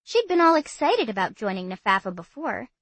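A woman's voice: fairly high pitch, very animated, fairly quick, a bit bright, husky, dry recording. Woman reading a children's story. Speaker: audiobook narrator. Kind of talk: scripted first-person narration.

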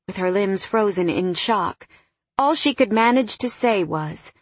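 Brief: audiobook narrator, woman, mid pitch, husky edge, dry close sound. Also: lively intonation, a little slow, no echo. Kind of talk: scripted narration.

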